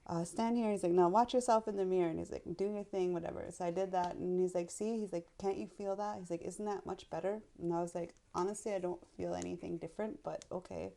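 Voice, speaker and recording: A woman's voice: lowish voice, fast talker, creaky, few pauses. Blunt, swearing woman telling a story. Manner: blunt, swears, animated retelling. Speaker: podcast guest. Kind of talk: casual storytelling.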